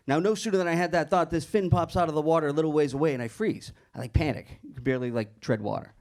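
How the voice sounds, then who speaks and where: A man's voice: a little high, quick pace, few pauses, a little mellow. A middle-aged man doing a stand-up comedy set on a club stage, telling a story and acting out the other people's lines in changing voices. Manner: storytelling, acts out dialogue with shifting voices.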